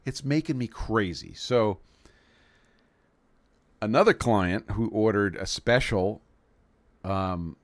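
A man's voice: on the low side, slow pace, long pauses, no echo. A man from New York City hosting a live stream in casual chat, rambling and joking with frequent restarts. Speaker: livestream host.

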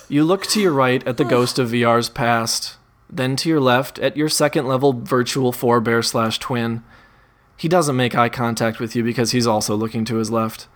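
A man's voice: medium pitch, moderate pace, a bit bright. A man narrating a second-person interactive story, amused and often laughing through his lines.

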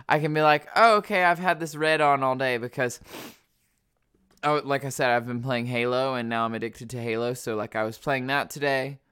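A man's voice: mid-range voice, fairly bright tone, clear, resonant tone, no echo, clean studio sound. Rambling man with a stuffy nose. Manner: rambling, heavy on fillers and "like". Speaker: podcast host. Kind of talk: casual solo podcast chat.

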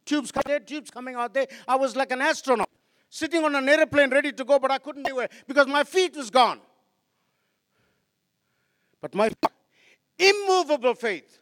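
A man preaching passionately as a pastor, swinging between loud outbursts and quiet asides. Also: very high-pitched, moderate pace, pauses often. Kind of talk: sermon. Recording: long hall reverb.

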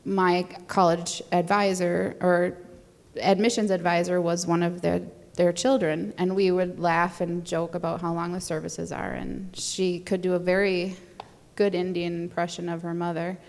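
Young woman rambling casually, gravelly fry, echoey room. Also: fairly low pitch, little pitch movement, moderate pace, darkish tone. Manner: chatty, rambling with fillers and laughs. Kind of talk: casual conversation.

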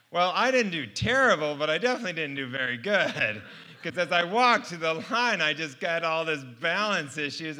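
A man in middle age gives a personal faith testimony, his voice pitched high for a man. He tells his story earnestly and often breaks into laughter. His tone is very bright and ringing. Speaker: speaker sharing his testimony.

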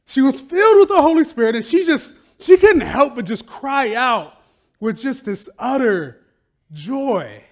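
A man pastor preaching a sermon in a conversational, animated way, laughing often and tossing in "right?" and "like". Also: very high voice, measured pace. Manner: animated, bursts into loud excited outcries, laughs often.

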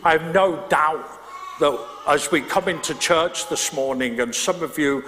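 A man's voice: a little high, measured pace, a bit bright, slight background noise. A middle-aged male pastor, preaching a sermon in a conversational way, with restarts and asides to the congregation. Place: church hall. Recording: reverberant church hall.

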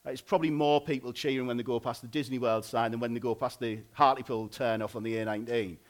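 Casual preacher. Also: male voice, medium pitch, steady tone, fast. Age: adult, married. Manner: informal, conversational, frequent "like" and restarts. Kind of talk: sermon.

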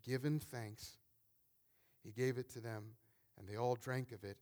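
A man preaching a sermon, animated, often repeating words and acting out the people he quotes. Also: mid-range voice, a little slow, pauses often.

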